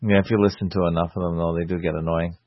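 Wisecracking Canadian male host; lowish voice, dry, dull lo-fi recording. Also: little pitch movement, racing, very noisy. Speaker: podcast host. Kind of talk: casual chat.

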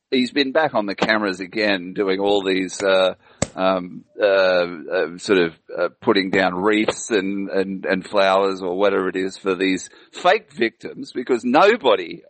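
A man's voice: low-pitched, measured pace, a little hiss or hum. A man co-hosting a podcast, rambling and indignant in casual chat, with plenty of fillers and restarts. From Australia. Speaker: podcast co-host.

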